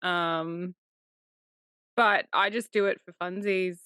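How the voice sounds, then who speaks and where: A woman's voice: fairly low pitch, steady tone, slow pace, pushed and bright, clean tone, no echo, clean studio sound. A woman co-hosting a casual podcast chat, joking and laughing often in a breezy way. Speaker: podcast co-host.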